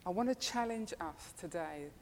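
A woman's voice: lowish voice, animated, normal speed, a little mellow, in a large hall, a little hiss or hum. A woman preaching a sermon, telling chatty personal stories and laughing often. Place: church.

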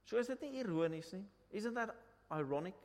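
A man delivers a sermon in a storytelling way, stopping to put questions to his listeners. His voice sits a little high and moves around a lot. The sound carries the long reverb of a large hall. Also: expressive, fairly quick. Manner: storytelling, asks questions, repeats points in two languages. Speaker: preacher. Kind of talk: bilingual sermon.

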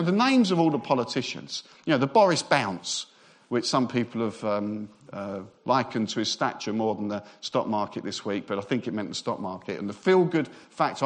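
A man preaching a sermon, lively and joking, sometimes speeding up as he gets excited. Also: medium pitch.

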